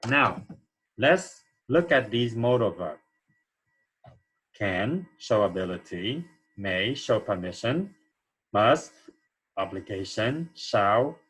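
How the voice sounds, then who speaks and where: A man's voice: lowish voice, fairly bright tone, husky, low-quality recording. A man teaching an English grammar lesson, explaining answers step by step and checking in with "okay?" as he goes.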